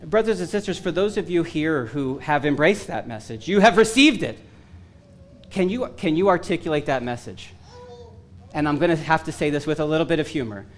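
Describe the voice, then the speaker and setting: Earnest preacher man, voice going hoarse. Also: a little high, lively intonation, fairly quick. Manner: earnest and emphatic, with self-deprecating humor. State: losing his voice. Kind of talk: sermon.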